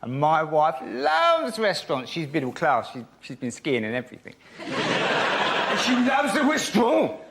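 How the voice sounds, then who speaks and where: A man's voice: on the high side, huge pitch swings, normal speed, a bit bright, slight background noise. A man telling a stand-up routine on a TV panel show, acting out the voices in his story. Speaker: comedian panelist.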